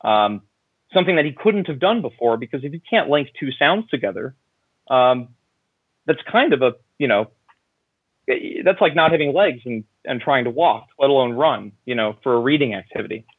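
Man, caller, mid pitch, animated, repeats words, acts out quotes, dry sound. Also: moderate pace, husky, no room sound, poor audio. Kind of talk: casual phone-in conversation.

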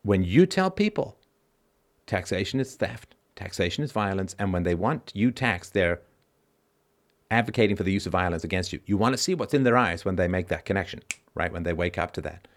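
A man hosting a call-in show delivers an emphatic philosophical monologue, repeating key lines for stress. His voice is low, animated, and a little fast, and he briefly acts out others' reactions in mocking voices.

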